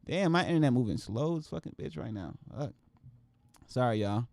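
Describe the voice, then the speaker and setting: A man's voice: medium pitch, expressive, moderate pace, creaky, a little mellow, no echo. A man hosting a casual show where he reacts to news clips, with profane, joking rants. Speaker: show host.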